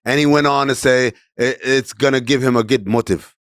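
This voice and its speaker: A man hosting a casual sports podcast, animated and jokey, slipping into playful voices. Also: mid-range voice, a little fast, dry recording, clean studio sound. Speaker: podcast host.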